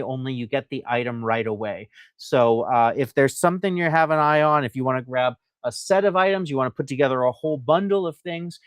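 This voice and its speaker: A man's voice: mid-range voice, no echo, clean studio sound. Chatty man hosting a live sale. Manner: chatty and enthusiastic, reads viewer comments aloud; loose and rambling, with frequent fillers. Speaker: host selling antiques on a live stream. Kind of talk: live sales presentation.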